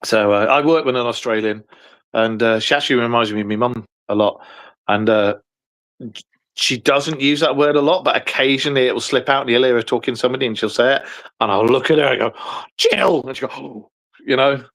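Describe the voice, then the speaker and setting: A man's voice: mid-range voice, brisk, fairly bright tone. A man with an English accent hosting a podcast, chatting casually, rambling and swearing freely. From England. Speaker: podcast host. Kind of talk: casual chat.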